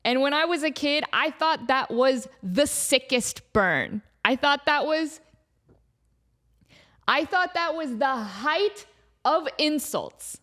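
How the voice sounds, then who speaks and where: A woman hosting a comedic solo podcast, telling a rambling, animated story with lots of fillers. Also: high-pitched, slow. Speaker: podcast host.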